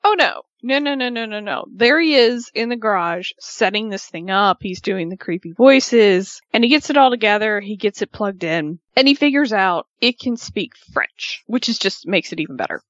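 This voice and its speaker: A woman co-hosting a radio talk show, recapping an episode in a chatty, animated way with plenty of fillers. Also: mid-range voice, moderate pace, few pauses, dry recording. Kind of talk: casual chat recapping a reality show. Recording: dull, dry lo-fi sound.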